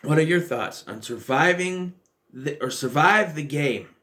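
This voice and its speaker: A man's voice: a little high, animated, unhurried, bright, forceful tone. Rambling man reviewing a movie. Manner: rambling, self-correcting, acts out quoted lines. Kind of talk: casual film review.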